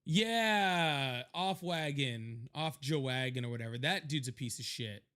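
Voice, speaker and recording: A man's voice: medium pitch, lively intonation, a little slow, sharp tone, clear, resonant tone. A man hosting a live political stream, chatting loosely, laughing a lot and reading out donations. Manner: loose, rambling, laughs often, reads donations aloud. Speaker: livestream host. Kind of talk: casual livestream chat.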